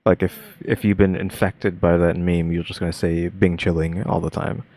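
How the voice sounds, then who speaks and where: A man's voice: sits low, flat delivery, normal speed, a little mellow. A man streaming a reaction video, talking casually and rambling with lots of fillers and restarts. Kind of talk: casual commentary.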